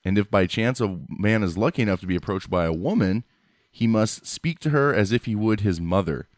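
American male host, low voice, joking and crude, dry close mic. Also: lively intonation, a little fast, dry recording. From United States. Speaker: podcast host. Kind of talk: casual podcast chat.

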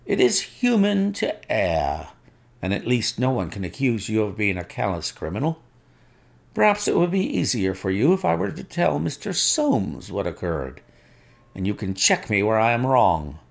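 A suave, commanding detective lays out his reasoning in a measured, firm manner, read by a man for a storybook. The voice is low and gravelly with lively rises in pitch. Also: full character voice. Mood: explaining.

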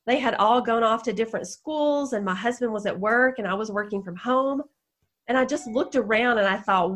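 Higher-voiced middle-aged guest from Georgia, emotional storyteller. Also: female voice, fairly bright tone. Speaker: podcast guest, author. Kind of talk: podcast interview.

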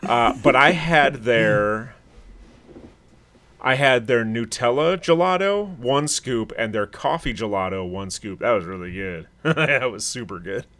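A man co-hosting a podcast, chatting casually and explaining things in an animated way. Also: medium pitch, measured pace. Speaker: podcast co-host. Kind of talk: casual chat.

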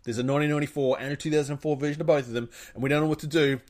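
A man talking casually on a podcast, retelling a film scene by scene. He rambles with restarts and throws in quick acted-out lines from the characters. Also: a little high, steady tone, a little mellow. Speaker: podcast co-host recapping a film. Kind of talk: casual chat.

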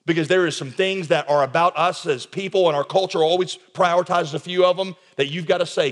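Male pastor, sermon, urgent and conversational, lightly high voice, long hall reverb. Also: brisk, few pauses. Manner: emphatic, swinging from quiet intensity to raised urgency. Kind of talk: recorded sermon.

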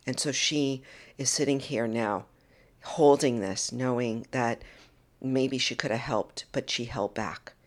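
A woman hosting a solo podcast monologue into a microphone, earnest and emotional, often dropping into a soft whisper. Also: very deep voice, slow. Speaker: podcast host. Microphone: studio microphone.

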